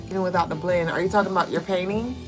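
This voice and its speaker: A young woman with a slightly low voice chats loosely on a livestream, dropping slang and casual swears between laughs. Music plays clearly in the background throughout. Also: steady tone, rapid-fire. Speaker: livestream co-host. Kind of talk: casual live-stream chat reading comments. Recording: music playing clearly behind.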